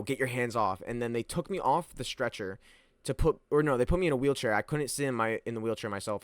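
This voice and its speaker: Young man, lower voice, animated and profane casual storyteller, dry close sound. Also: dry recording. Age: young adult. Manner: profane, rambling, animated retelling.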